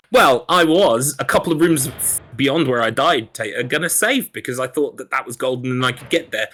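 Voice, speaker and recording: A man talks through his run on a live game stream, rambling and poking fun at himself, swearing as he goes. His voice has a bright, sharp edge to it. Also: medium pitch. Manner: rambling, self-deprecating, swears freely. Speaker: speedrun racer. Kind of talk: casual live-stream chat.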